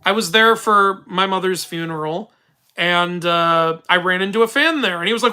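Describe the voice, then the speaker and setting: A man's voice: sits high, normal speed, bright, forceful tone, smooth. A young man hosting a casual live-stream Q&A from his room, talking into a phone, rambling with restarts and laughing as he tells stories. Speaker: YouTube mythology channel host.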